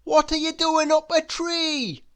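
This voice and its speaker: Cheerful little storybook man, read by a woman; high, eager exclamations. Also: fairly even intonation, a little slow. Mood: cheerful surprise. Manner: bright, exclaiming.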